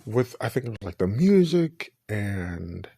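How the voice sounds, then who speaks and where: A man's voice: on the low side, sing-song, a little slow, dark tone, slightly rough, dry recording, studio quality. A man hosting his own podcast, talking earnestly and reflectively and often restarting his sentences. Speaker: podcast host. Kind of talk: personal podcast commentary.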